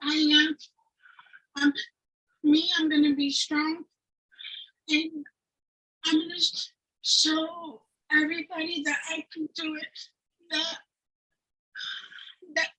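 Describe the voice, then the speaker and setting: High, bright-voiced tearful woman. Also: poor audio. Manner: halting, searching for words, apologetic. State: tearful, crying. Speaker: participant sharing on a live online event. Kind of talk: emotional testimony. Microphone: video call.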